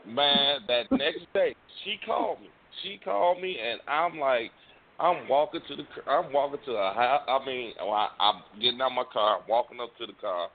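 A man swings his voice up and down as he acts out a story, his tone gravelly with fry. The sound is thin and phone-like, with faint noise behind. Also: mid-range voice, moderate pace. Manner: animated storyteller, acts out dialogue. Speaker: co-host. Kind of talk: casual podcast chat. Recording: tinny phone-like line.

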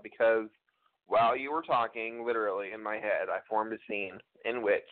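A man co-hosting a casual TV review podcast, chatting loosely and thinking out loud. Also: mid-range voice. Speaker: podcast co-host. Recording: tinny phone-like audio.

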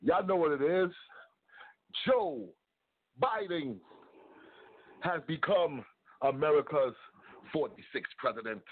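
Excited man, casual vlog monologue, shout-outs, thin lo-fi sound. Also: on the high side, takes it slowly, creaky, pauses often, husky. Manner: hyped, repetitive shout-outs. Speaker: video blogger. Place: New York. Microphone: close to a mic.

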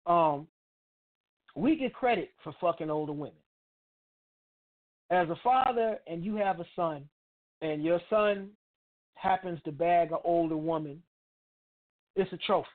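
Middle-aged man, blunt and profane, street slang, radio host monologue, tinny phone-like sound. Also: high-pitched. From Chicago, United States. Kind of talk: opinionated monologue.

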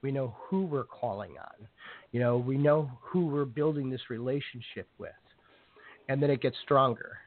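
A man's voice: medium pitch, normal speed. A man hosting a casual talk show, speaking loosely and saying "you know" a lot. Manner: filler-heavy, says "you know" often. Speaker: show host. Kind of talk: casual podcast conversation. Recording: dry, tinny phone-line sound.

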